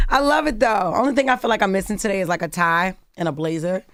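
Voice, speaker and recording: A woman from Maryland with a deep, raspy voice, co-hosting casual morning radio banter in a studio, animated and quick to laugh. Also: no room sound. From Maryland, USA. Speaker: radio co-host. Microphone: studio microphone.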